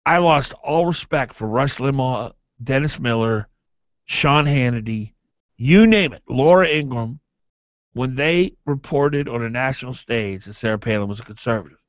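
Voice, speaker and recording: A man's voice: medium pitch, moderate pace, no room sound. Talk radio host, male, emphatic and argumentative, dull dry broadcast sound. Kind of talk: opinionated talk radio commentary. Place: radio studio.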